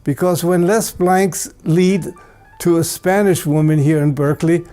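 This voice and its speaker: Older man presenting an award, storytelling, fairly high mellow voice. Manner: anecdotal, fond storytelling. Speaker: award presenter, record label founder. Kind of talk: tribute speech.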